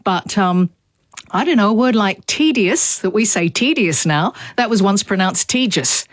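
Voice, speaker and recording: A woman's voice: medium pitch, expressive, moderate pace, no room sound. A woman, a professor, explains patiently and stops to rephrase as she goes. The sound is close and dry, as in a studio booth. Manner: thoughtful, explanatory, restarts often. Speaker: linguistics professor, regular guest. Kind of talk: radio studio conversation.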